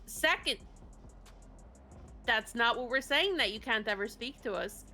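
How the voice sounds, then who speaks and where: A woman's voice: a little high, expressive, measured pace, pushed and bright, soft background music. A woman in an in-character roleplay phone call, scolding bluntly and swearing freely. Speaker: roleplay character from the mayor's office.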